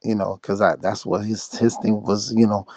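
A man's voice: fairly low pitch, level tone, moderate pace, warm tone, no echo. A man speaking as a podcast guest in casual chat, laid-back and slangy, often laughing as he tells stories.

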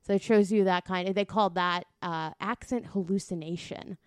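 A woman's voice: fairly low pitch, fairly even intonation, moderate pace, clean tone, dry recording, studio quality. A woman co-hosting a podcast, explaining points thoughtfully with many fillers. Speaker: podcast co-host. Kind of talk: casual chat.

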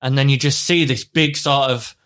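A man co-hosting a podcast, chatty and animated as he recounts a film. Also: medium pitch, normal speed. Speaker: podcast co-host. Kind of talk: casual chat.

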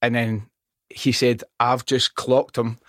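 A middle-aged Scottish man chatting on a podcast, telling an animated, sweary story and acting out the dialogue. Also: medium pitch, slow pace, no room sound, clean studio sound. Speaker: podcast guest. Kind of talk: casual chat. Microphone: studio microphone.

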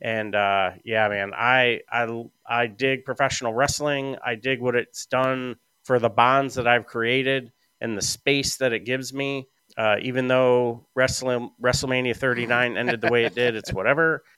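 A middle-aged man in easy podcast conversation, his voice smooth and resonant. His delivery wanders through stories, full of "um" and "you know". The sound is dry and close. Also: mid-range voice, fairly even intonation, measured pace, few pauses, bright, forceful tone, no echo. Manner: rambling storyteller with frequent fillers. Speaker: podcast guest. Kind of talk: casual chat.

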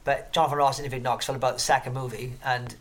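A man's voice: medium pitch, little pitch movement, rapid-fire. Male guest, casual chat, constant swearing, loose rambling delivery. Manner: profane, rambling storyteller.

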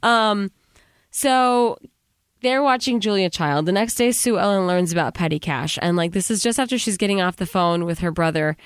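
A woman's voice: mid-range voice, moderate pace, clean tone, no echo, clean studio sound. A woman co-hosting a podcast, chatting casually, retelling movie scenes by quoting the characters, with laughter and filler words. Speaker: podcast co-host. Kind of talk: casual chat recapping a movie.

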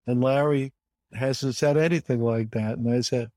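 A man in his seventies from the United States, a guest telling animated stories with emphatic repetition in an interview. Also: mid-range voice, normal speed, no room sound. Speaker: guest, bridge champion. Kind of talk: conversational storytelling interview.

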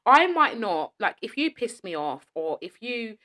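A woman's voice: fairly high pitch, sing-song, a little slow, bright, forceful tone. A woman co-hosting a podcast, ranting and swearing freely in casual chat. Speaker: podcast co-host.

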